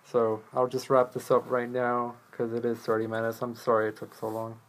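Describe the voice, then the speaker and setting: A man's voice: mid-range voice, completely flat delivery, moderate pace. Man rambling casually with a loose, swearing, self-mocking manner. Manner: rambling, profane, joking at himself. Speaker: podcast host. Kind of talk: casual solo talk on listening skills.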